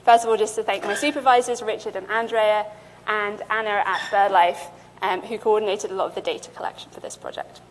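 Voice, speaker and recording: A young woman presents her research at a conference in a clear, steady way, with the odd "um" along the way. Her voice sits in the middle range for a woman. It carries through a lecture hall with a long reverb tail. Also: mid-range voice, a little fast, a little hiss or hum. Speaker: PhD student presenting research. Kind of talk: conference talk.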